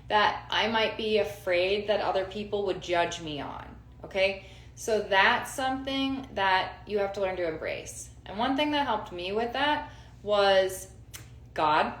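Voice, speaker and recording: A woman in her forties giving casual self-help advice, emphatic, repeating key phrases and checking for agreement. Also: medium pitch. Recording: roomy sound with faint noise.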